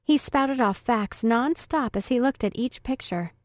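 A woman's voice: fairly high pitch, unhurried, no room sound, clean studio sound. A woman narrating a first-person story in an earnest, emotional way. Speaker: audiobook narrator.

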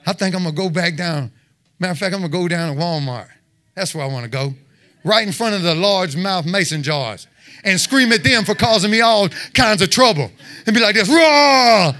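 A fervent man delivering a testimony sermon, urging his listeners on and roaring out loud. His voice sits high and sounds bright and forceful. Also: expressive, brisk. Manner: fervent, exhorting, with shouted roars. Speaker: lay preacher.

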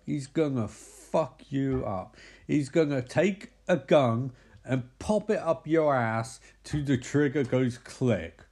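A man voicing an intense psychic man who gives slow, emphatic warnings. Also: medium pitch, a little mellow, breathy edge. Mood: grave.

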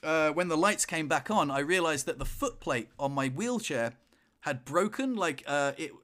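A young man with a bright, slightly high voice tells a story on a podcast. He leans into the dramatic moments, and his voice stays clear and forward. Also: normal speed. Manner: animated storyteller, shouts in retold moments. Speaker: podcast co-host. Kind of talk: casual chat, storytelling.

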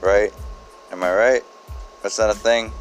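A man hosting a comedy podcast, delivering a rambling, absurd, deadpan monologue full of digressions. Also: fairly low pitch, a little slow, faint music behind, low-quality recording. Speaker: podcast host.

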